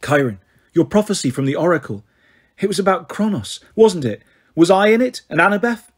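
A man's voice: high voice, animated, brisk, breathy edge. A man reading a stubborn, impatient boy hero. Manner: impatient, pushy. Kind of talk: audiobook character reading.

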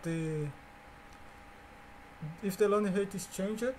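High-voiced man teaching code, halting. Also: darkish tone, a little hiss or hum. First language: Portuguese. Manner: halting, repeats words, many fillers and restarts. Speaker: course instructor. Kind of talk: coding lecture walkthrough.

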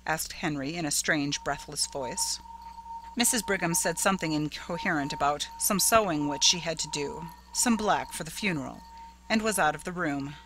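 A woman narrating a classic ghost story in a measured, steady way. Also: deep voice, background noise.

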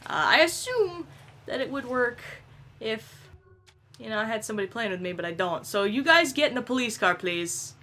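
A young woman giving casual, excitable gameplay commentary, swearing and laughing often. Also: fairly high pitch, moderate pace, a little hiss or hum. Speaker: gameplay video creator.

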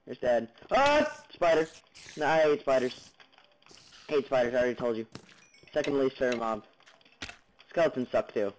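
A man's voice: medium pitch, very animated, moderate pace, long pauses, poor audio. Man, let's-play commentary, jumpy and chatty, sudden yelps, basic home computer mic, faint background hiss. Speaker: gaming channel host. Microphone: basic computer mic, no headphones.

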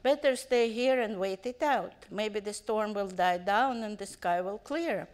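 A woman voicing a calm, cool-headed male wanderer while reading a story aloud. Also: mid-range voice, unhurried, natural voice. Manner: calm, steady.

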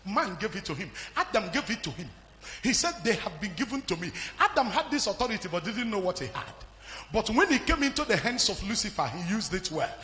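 A man with a Nigerian accent preaching a fiery sermon as pastor, swinging from hushed to shouting. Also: high voice, big pitch swings, brisk, a little hiss or hum. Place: large church hall. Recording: live hall with music behind.

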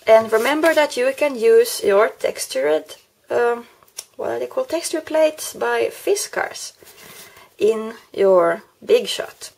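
A woman showing a handmade card she made, unhurried, often pausing to search for the right word. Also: a little high, animated, creaky, darkish tone. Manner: unhurried, pauses to search for words. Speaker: craft vlogger. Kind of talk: card-making tutorial vlog.

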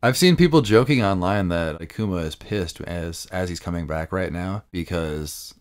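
A man's voice: deep voice, moderate pace, smooth. A man co-hosting a podcast, chatting casually about fighting games with frequent laughs and loose filler words. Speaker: podcast co-host.

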